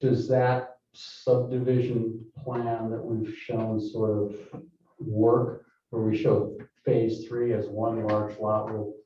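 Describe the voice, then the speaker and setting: A man presenting a development project at a town board meeting, speaking haltingly with many fillers and restarts. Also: on the low side, level tone, warm tone, a little hiss or hum. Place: town hall meeting room. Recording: echoey council chamber, distant mic, muffled.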